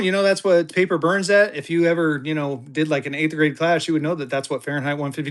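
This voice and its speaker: Here's a live online auction seller in quick patter mode, getting worked up as the bids roll in. Phrases repeat in rapid hype, with the pitch jumping high once bidding gets heated.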